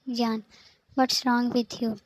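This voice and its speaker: A woman's voice: fairly high pitch, little pitch movement, slow pace, noisy background. Woman reading as a frightened young girlfriend. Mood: pleading. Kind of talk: scripted fanfic reading.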